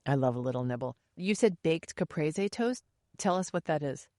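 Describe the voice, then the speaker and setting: A woman's voice: deep voice, expressive, normal speed, darkish tone, no echo, clean studio sound. Chatty Staten Island woman hosting. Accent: Staten Island New York. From Staten Island, New York. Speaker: podcast host. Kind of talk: casual interview chat. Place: recording studio.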